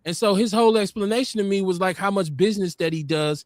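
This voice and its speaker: An emphatic man hosting a talk podcast, his voice sitting a little high for a man. He tells stories with animated force, and the sound is close and dry with no room in it. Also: fast talker, few pauses, no room sound. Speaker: podcast host. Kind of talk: casual debate talk.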